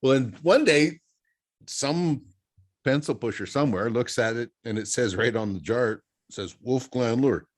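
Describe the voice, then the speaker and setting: A man's voice: mid-range voice, moderate pace. A man hosting a casual podcast chat, telling rambling stories and laughing at his own punchlines. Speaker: podcast host.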